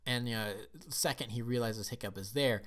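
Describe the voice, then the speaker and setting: A man's voice: mid-range voice, a little fast, fairly bright tone. A man reviewing a movie in a casual recap, telling the story in a rambling, enthusiastic way with frequent restarts. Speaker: film reviewer.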